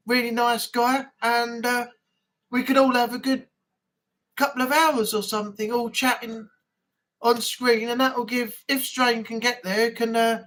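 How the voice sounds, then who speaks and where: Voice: mid-range voice, fairly bright tone. A livestream host with a broad northern English accent chats casually to viewers. The talk rambles, with repeated words and plenty of fillers. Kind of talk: casual live chat.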